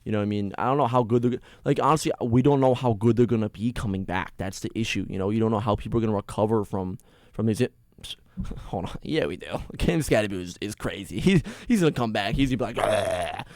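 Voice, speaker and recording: Excitable rambling man, dry sound. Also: fairly low pitch, quick pace, no echo. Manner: excitable and rambling, with many restarts. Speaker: sports podcast host. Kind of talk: casual solo sports rant.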